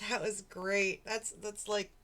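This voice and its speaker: A woman's voice: medium pitch, little pitch movement, slow, pushed and bright. A woman hosting a late-night stream, commenting on a replayed argument, mocking it with laughter, swearing and mimicry. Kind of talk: casual commentary over replayed audio. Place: home at night.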